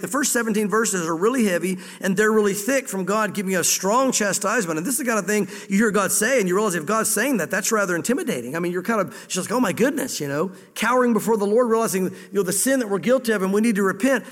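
A male pastor preaching a sermon, voicing God's words in first person, with sudden loud emphatic bursts that drop low again. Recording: long hall reverb.

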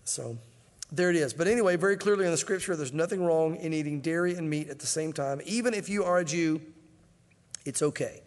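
A man's voice: a little high, a little fast, big-room sound. A man preaching a Bible-teaching sermon in a conversational way, with joking asides. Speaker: pastor.

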